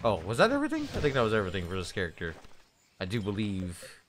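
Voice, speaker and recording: A man's voice: lowish voice, wildly swooping pitch, quick pace, a little hiss or hum. A man streaming a video game, chatting casually with viewers in a hesitant, rambling way. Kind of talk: casual live-stream chat.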